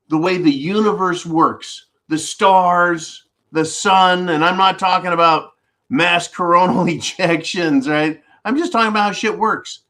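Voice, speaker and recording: A man hosting a preparedness channel's live stream, giving animated, ranting, profane commentary. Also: sits high.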